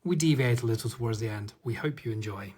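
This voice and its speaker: A man hosting a casual movie podcast, jokey and quick to laugh. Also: medium pitch, very noisy. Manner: jokey, laughing, plays with silly accents. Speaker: podcast host.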